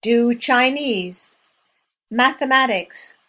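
A woman leading a language lesson drill, speaking slowly and clearly and pausing between words. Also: fairly high pitch, pushed and bright. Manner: clear, measured, spacing out each word. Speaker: language teacher. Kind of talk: slow, deliberate language drill.

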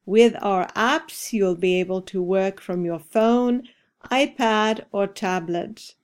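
Woman running an esl drill, super slow and careful, smooth clean voice. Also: mid-range voice. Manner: slow, carefully enunciated repetition. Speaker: ESL podcast teacher. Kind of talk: scripted language drill.

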